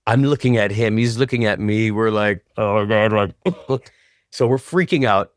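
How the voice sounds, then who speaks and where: A man from Canada with a low voice, recorded close with a dry sound. He tells an interview story with lots of energy and acts out both sides of old phone calls. His voice shoots up high whenever the excitement comes back to him. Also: normal speed, no room sound. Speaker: guest choreographer.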